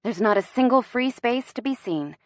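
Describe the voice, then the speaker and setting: A woman narrating a first-person audiobook with lively, wry storytelling. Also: on the high side, normal speed, no echo, clean studio sound.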